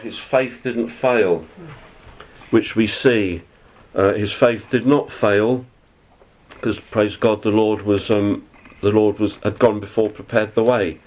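A man's voice: medium pitch, darkish tone, poor audio. A man preaching a sermon, reading scripture aloud and then explaining it in an earnest, conversational way. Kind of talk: sermon, Bible teaching.

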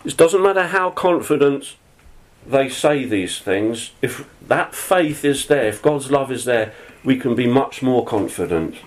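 A man's voice: medium pitch, animated, a little slow, poor audio. A man preaching a sermon, reading scripture aloud and then explaining it in an earnest, conversational way. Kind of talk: sermon, Bible teaching.

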